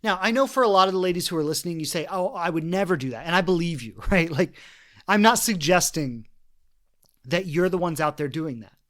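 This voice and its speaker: A man's voice: sits high, expressive, brisk, a bit bright. A man hosting a relationship podcast, talking earnestly in a reflective monologue and retelling stories with quoted voices. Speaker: podcast host.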